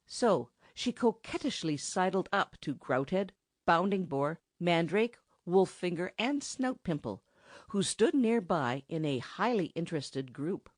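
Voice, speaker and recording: A woman reading a children's storybook aloud in an expressive narrating style. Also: on the low side, a little slow, dry recording, clean studio sound. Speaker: audiobook narrator.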